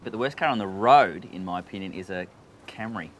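Australische man, ontspannen en grappig. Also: a little fast. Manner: relaxed, jokey, slips into booming announcer delivery. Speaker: game show announcer, guest. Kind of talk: casual interview chat. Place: coffee shop.

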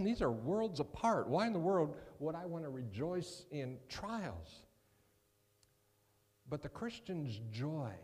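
A man's voice: a little high, darkish tone. A man giving a guest sermon, talking conversationally with joking asides and often repeating his first words as he starts a sentence. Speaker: guest preacher. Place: church sanctuary. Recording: long reverb of a church hall.

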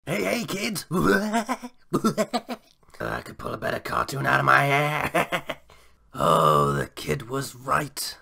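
A jaded cartoon clown host with a gravelly, brassy rasp. The delivery is showy, and the pitch swings widely. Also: male voice, very animated, takes it slowly, pauses often, sharp tone, full character voice. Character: jaded, raspy middle-aged male clown host.

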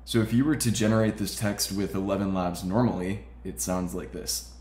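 A man hosting a casual tech tutorial, explaining steps in a relaxed way with frequent fillers. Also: sits low, normal speed, reverberant. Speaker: tutorial host.

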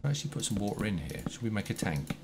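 A man's voice: lowish voice, big pitch swings, very fast, creaky. A man chatting casually while he plays and streams a game, thinking aloud with plenty of fillers. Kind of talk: casual chat while playing. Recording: noisy home stream audio.

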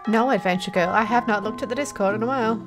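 A woman hosting a let's play, reading game dialogue aloud with crude joking asides and quick mock character voices. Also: mid-range voice, over music. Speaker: gaming video host.

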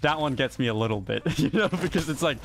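A man streaming live in casual chat, excitable and profane. He keeps jumping into high, squeaky protests. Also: quick pace, faint music behind. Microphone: gaming headset.

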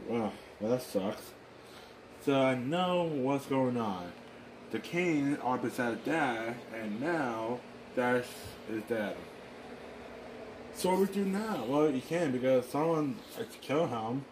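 A man improvising a fan drama, talking in a rambling, halting way with excitable exclamations. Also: medium pitch, background noise. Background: music.

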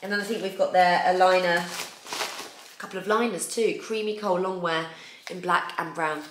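A woman's voice: fairly low pitch, steady tone, normal speed. A woman in her thirties hosting a casual beauty unboxing, chatty and gushing over each product. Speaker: beauty vlogger host. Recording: echoey room with faint noise.

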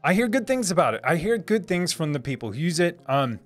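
A man's voice: a little high, sing-song, fairly quick, faint music behind. A man in his thirties hosting a casual live stream, reading viewer comments aloud, chatty, laughing often and repeating words as he restarts sentences.

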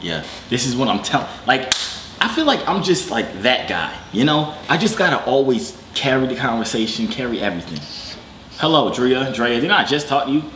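A man's voice: medium pitch, expressive, a little fast, noisy background. Brief: man, casual teasing vlogger, echoey room. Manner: joking, teasing, talks to himself. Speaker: vlogger on a video chat app. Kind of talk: casual video chat commentary.

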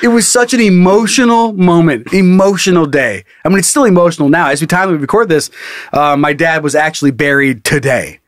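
Male podcast co-host, high-pitched, profane and animated, dry studio sound. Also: brisk, dry recording. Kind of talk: casual podcast chat.

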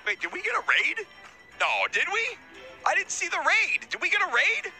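A man game streamer on a live stream, excitable and astonished, swearing a lot as he addresses his chat. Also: extremely high pitch, normal speed, soft background music.

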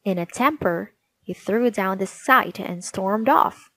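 A woman reading a children's storybook aloud, gently and clearly. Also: medium pitch, slow pace, dry recording.

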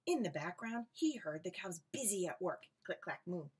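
A woman teacher reading a picture book aloud to young students, expressive and animated, pausing for friendly asides. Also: lowish voice, slightly rough. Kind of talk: read-aloud storytime for children.

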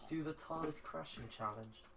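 A streamer, chatting casually while playing a game and now and then breaking into loud excited outbursts. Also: medium pitch, moderate pace, gravelly. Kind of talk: casual gaming chat. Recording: distant mic with steady background noise.

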